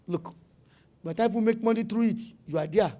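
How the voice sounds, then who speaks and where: A middle-aged Nigerian man speaking at a business summit in a high, bright voice. He talks emphatically and hammers his points by repeating words. Now and then he slips into pidgin phrases. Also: quick pace. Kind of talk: animated conference talk.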